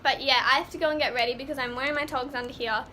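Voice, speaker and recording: Young woman, high voice, rambling giggly storytelling, outdoor vlog, loud street noise. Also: steady tone, racing. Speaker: vlogger. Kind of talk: casual vlog chat. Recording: noisy street recording.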